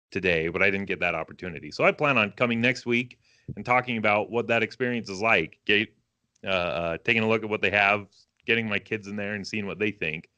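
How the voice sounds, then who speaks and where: A man's voice: fairly low pitch, pushed and bright. A man in his thirties co-hosting a casual podcast chat, explaining things in a rambling, self-correcting way. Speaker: podcast co-host.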